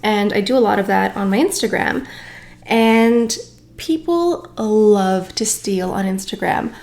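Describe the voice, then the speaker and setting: A woman's voice: medium pitch, measured pace, darkish tone, slight background noise. A woman beauty vlogger chatting casually to camera, venting in an exasperated way with lots of fillers.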